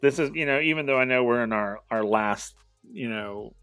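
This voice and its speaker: A man of mid-range pitch talks in a halting, rambling way on a wrestling podcast, often starting a thought over. His voice sounds close and dry, with faint music underneath. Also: a bit bright, smooth, no echo. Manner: rambling, halting, many restarts. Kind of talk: casual chat.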